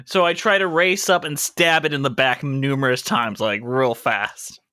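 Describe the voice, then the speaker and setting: A player in a tabletop game talks casually and laughs often. The voice is bright, recorded dry and close. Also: mid-range voice, moderate pace, no room sound.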